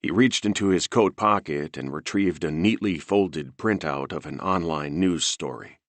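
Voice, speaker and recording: A man narrating a thriller audiobook in a steady, measured reading. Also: sits low, no echo.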